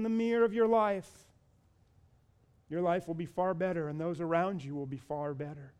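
A man with a high voice delivers a sermon as pastor. He leans on rhetorical questions and stacks repeated phrases that climb to loud, urgent appeals. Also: fairly even intonation, moderate pace, smooth.

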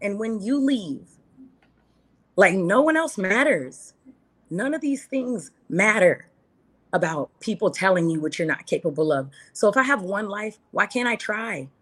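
A woman's voice: medium pitch, a little slow. A woman in her thirties, a podcast guest talking earnestly and with feeling, acting out quotes in her own words. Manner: earnest and animated, acts out quotes. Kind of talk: casual interview chat.

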